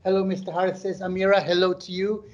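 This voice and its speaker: A man's voice: high-pitched, level tone, fast, a little mellow, lo-fi sound. A middle-aged man doing stand-up comedy on a live online stream. He chats and jokes and reads out viewers' comments. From Malaysia.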